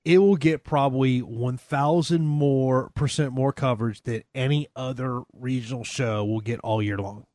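A man's voice: medium pitch, fairly even intonation, normal speed, few pauses, a little mellow, no room sound, clean studio sound. A man co-hosting a podcast, chatting casually and laughing as he reads out a press release. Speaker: podcast co-host.

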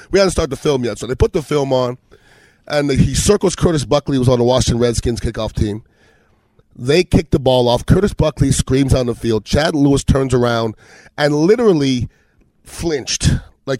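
A middle-aged former football player, mid-range in voice, tells casual sports stories about games and players, animatedly acting out the dialogue. There's no room sound on the recording.

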